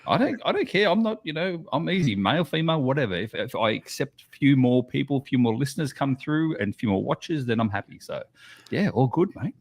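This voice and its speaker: A man's voice: medium pitch, sing-song, fairly quick. An Australian man co-hosting a podcast, easygoing and jokey in casual chat. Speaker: podcast co-host.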